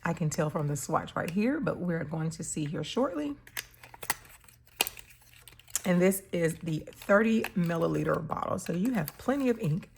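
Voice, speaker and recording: A woman hosting her stationery channel, casually chatting through an unboxing and pen demo with a slow, relaxed manner and soft laughs. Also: on the low side, vocal fry, noisy background.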